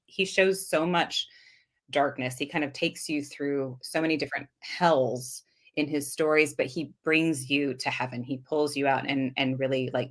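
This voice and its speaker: Woman, low voice, guest actress on a podcast; earnest, thoughtful, quick to laugh. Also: fairly bright tone. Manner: earnest, reflective, laughs easily. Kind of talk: casual podcast interview.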